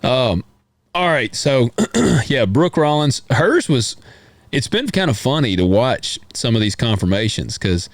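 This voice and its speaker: An American man co-hosting a podcast, chatting casually about politics in a rambling, folksy, animated way. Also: mid-range voice, a little slow, dry recording. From United States. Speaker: podcast co-host.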